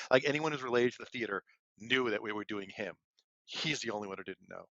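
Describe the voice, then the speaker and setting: A man's voice: medium pitch, fairly quick, fairly bright tone, dry recording. A man co-hosting a podcast, telling a rambling, casual story with many fillers and restarts. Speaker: podcast co-host. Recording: dull, lo-fi, dry sound.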